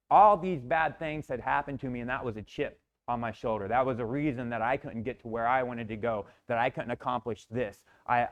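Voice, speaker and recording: A man in a motivational talk telling a personal story intensely, often repeating words and restarting, with some swearing. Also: mid-range voice. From Florida, USA. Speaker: motivational speaker.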